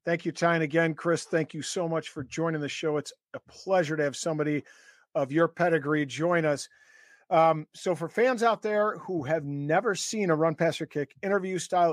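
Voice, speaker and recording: Chatty male podcast co-host, slightly high voice, dry close-mic sound. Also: dry recording. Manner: chatty, explains at length with fillers. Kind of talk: casual podcast interviewing.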